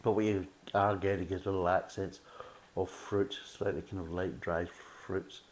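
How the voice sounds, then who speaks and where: A man's voice: low-pitched, little pitch movement, normal speed, a little mellow. A man giving a casual, methodical beer tasting review, full of "kind of" fillers.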